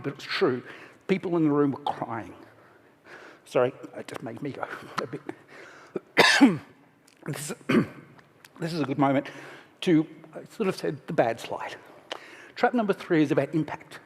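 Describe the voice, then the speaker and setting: A middle-aged man gives a conference talk in a relaxed, candid manner, often cutting himself off mid-sentence. His voice sits a little high and comes through slightly husky. The stage mic carries a long hall reverb around him. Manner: casual and candid, self-interrupting, emotional at moments. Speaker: conference speaker.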